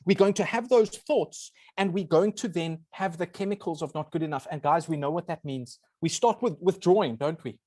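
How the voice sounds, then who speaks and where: A man's voice: on the high side, normal speed, hardly any pauses, no echo, studio quality. A man giving an earnest talk as a guest speaker, explaining ideas step by step. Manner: earnest, animated, often apologizes. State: briefly emotional. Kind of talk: presenting a talk on a video call.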